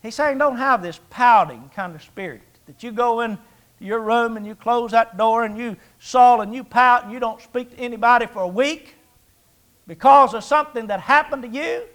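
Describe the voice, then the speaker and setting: A man's voice: very high voice, moderate pace, fairly bright tone. A man in his sixties preaching a sermon in a folksy, conversational way, with jokes and rhetorical questions. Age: 60s.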